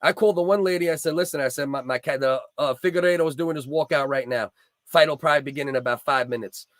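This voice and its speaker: A man's voice: medium pitch, fast, fairly bright tone, no echo, clean studio sound. A man, hosting a casual livestream and telling rambling, profane, heated stories. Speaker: livestream host.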